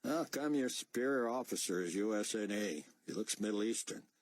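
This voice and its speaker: A man doing a bored, lazy desk officer, lower. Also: lively intonation, normal speed, no room sound. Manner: drawling, offhand.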